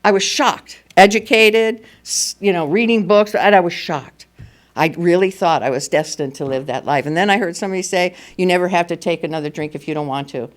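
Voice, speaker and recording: A woman's voice: fairly low pitch, brisk. Older lady in her 70s telling her recovery story to a room, candid, wry, acts out the back-and-forth. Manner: candid, plays out dialogue, wry. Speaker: recovery meeting speaker. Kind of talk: personal storytelling share. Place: meeting hall before a live audience.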